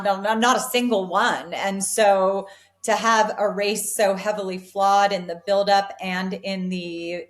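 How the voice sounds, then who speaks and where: A woman in her forties, an elite distance runner, giving earnest, upbeat answers in an interview, often restarting her sentences. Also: medium pitch. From United States. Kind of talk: reflective interview talk.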